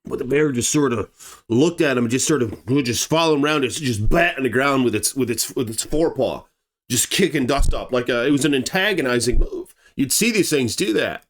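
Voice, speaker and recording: A man's voice: mid-range voice, animated, brisk. A man telling a true horror story in a casual, rambling way, full of asides. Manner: rambling, conversational, digresses often; shouts acted quotes in a raised voice.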